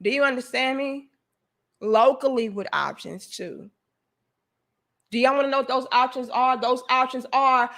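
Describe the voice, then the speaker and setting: A woman's voice: sits high, a little slow, a bit bright. A woman hosting a livestream, delivering an emphatic, profane, preachy rant to her viewers. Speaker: livestream host.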